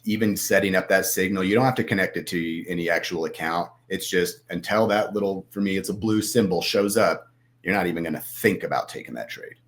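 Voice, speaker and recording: A man with a very low, deep voice talks casually on a podcast. He rambles and drifts into acting out the voice in his own head. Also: fairly quick. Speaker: podcast guest, trader.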